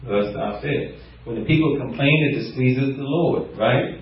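Male preacher, scripture reading plus lively asides, distant mic in a roomy hall. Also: a little slow. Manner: laughs often, animated rises in pitch when stressing points; reads scripture aloud in a lower, steadier voice. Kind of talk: sermon. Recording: echoey hall, far from mic, dull sound.

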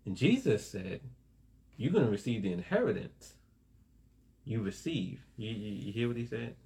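A man's voice: lowish voice, expressive, moderate pace, dark tone. A man preaching a sermon in a casual, conversational way, often asking "right?" and laughing along with listeners. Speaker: pastor.

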